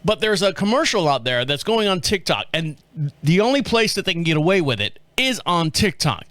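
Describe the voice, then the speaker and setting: In a dry recording, a high, sing-song male voice moves briskly with a fairly bright tone. He's a middle-aged podcast host from the American South, chatting casually in a rambling, joking style and chuckling often.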